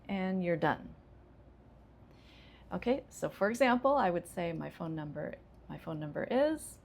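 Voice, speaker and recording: A woman ESL teacher, calmly explaining English intonation with frequent fillers. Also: on the low side, gravelly, a little hiss or hum. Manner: relaxed, explains slowly with many fillers.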